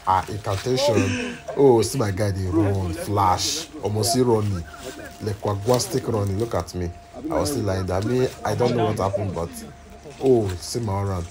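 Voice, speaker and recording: Animated Nigerian man telling a funny story. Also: lowish voice, moderate pace, a crowd in the background. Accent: Nigerian Pidgin English. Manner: animated, laughing, drops into Pidgin. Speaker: comedy skit creator. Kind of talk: casual storytelling to viewers. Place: live gallery with people around.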